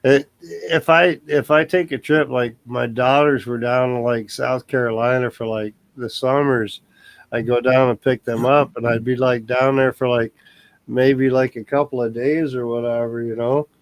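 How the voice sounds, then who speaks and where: A middle-aged American man chats in a laid-back, rambling way, full of fillers and quick laughs. His voice sits at an ordinary middle pitch. The recording is dry and close, with no room sound. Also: fairly even intonation, dry recording, low-quality recording. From United States. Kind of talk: casual chat.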